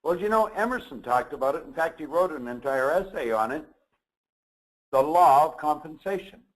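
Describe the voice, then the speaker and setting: Lively-pitched man teaching a webinar. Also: normal speed, rough recording. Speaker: seminar host. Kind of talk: motivational webinar presentation.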